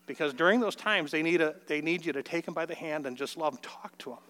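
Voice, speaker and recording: A man's voice: fast, bright, forceful tone. An older man telling a folksy personal story in a sermon, acting out the dialogue in a raised voice. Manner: folksy, acts out the dialogue with rising pitch.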